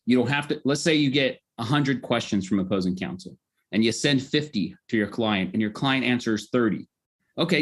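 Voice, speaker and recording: A middle-aged man speaks in a mid-pitched, ordinary voice as a podcast guest. He explains things step by step in an upbeat, conversational manner, often ending points with a quick "right?". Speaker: legal tech founder, guest.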